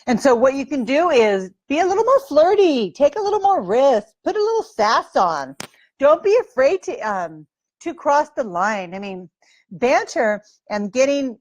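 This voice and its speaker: A woman's voice: a little high, no echo. Breezy woman dating coach, dry sound. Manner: breezy, playful, acts out sample lines. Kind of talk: direct-to-camera dating advice.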